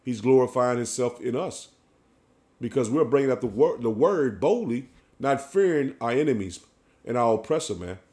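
A man's voice: mid-range voice, animated, normal speed, a little mellow. A man preaching an emphatic sermon, often ending his phrases with "man". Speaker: street preacher.

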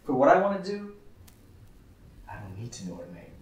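An actor playing a touchy young roommate who is quick to take offense and slyly vengeful. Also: male voice, fairly high pitch, sing-song. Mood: smug. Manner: indignant, then quietly smug. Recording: roomy, distant.

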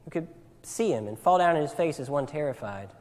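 A man preaching a sermon in earnest, often repeating his words as he swings between loud appeals and hushed, tender lines. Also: a little high, lively intonation, fairly quick. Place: church sanctuary. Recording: long church hall reverb.

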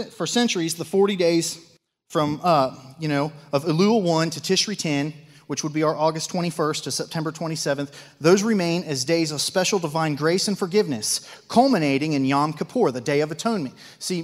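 A man with a Midwestern American accent preaching a sermon, swinging between loud zealous outbursts and hushed asides, full of rhetorical questions and repetition. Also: fairly high pitch, in a large hall. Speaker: lay preacher. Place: church sanctuary.

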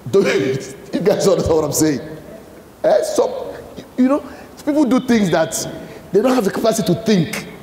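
Man, Nigerian accent, high voice, live talk, prompts the audience, long hall reverb, faint room noise. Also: big pitch swings, moderate pace, dark tone. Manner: questioning the crowd, fill-in-the-blank prompts. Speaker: motivational speaker.

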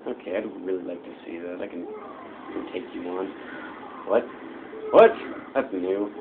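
A young man with a deep, low voice riffs over his gameplay and mocks the characters on screen. The sound is tinny and lo-fi, with a faint hiss of noise behind him. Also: huge pitch swings, moderate pace. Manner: joking, talks back to the game characters. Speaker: gameplay commentator. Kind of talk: casual game commentary.

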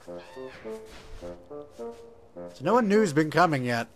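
A man giving casual gameplay commentary, self-mocking and quick to laugh at himself. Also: on the high side, sing-song, soft background music. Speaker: game video commentator.

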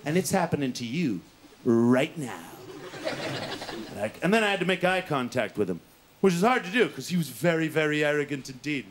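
A man's voice: fairly high pitch, very animated, moderate pace, a little hiss or hum. A man doing a stand-up comedy set, rambling through an absurd, self-mocking story. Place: comedy venue, live audience. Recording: live comedy show with loud audience laughter.

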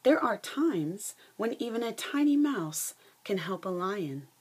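A woman voicing a small, brave female mouse in a read-aloud fable, pleading in a high, gasping voice. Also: sing-song, unhurried, darkish tone, slightly rough. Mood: gentle.

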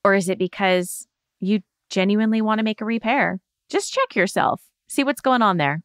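A woman hosting a self-help show, explaining a healing exercise in a gentle, reassuring coaching tone. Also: mid-range voice, expressive, moderate pace, no echo, studio quality. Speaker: podcast host giving therapy advice.

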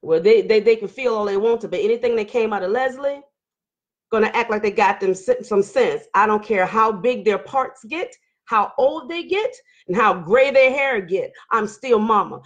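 A woman's voice: on the high side, moderate pace, lo-fi sound. A middle-aged woman hosting a live online talk show, reading viewer comments and preaching with fired-up energy, hollering at times.

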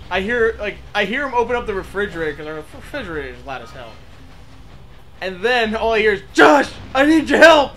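A man's voice: high voice, a bit bright. A young man telling a funny story in casual chat over gameplay, laughing through his words. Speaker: let's play co-host.

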